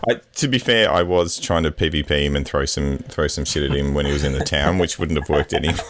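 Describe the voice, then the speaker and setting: A man's voice: rumbling low, fast, fairly bright tone. A man co-hosting a casual podcast, rambling and hesitant, chuckling as he goes. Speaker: podcast co-host.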